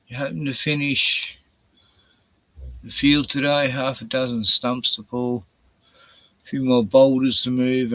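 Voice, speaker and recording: A man's voice: medium pitch, a bit bright, dry recording. An older man with an Australian accent hosting a casual late-night livestream, out of breath, sighing and swearing as he rambles. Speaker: livestream host.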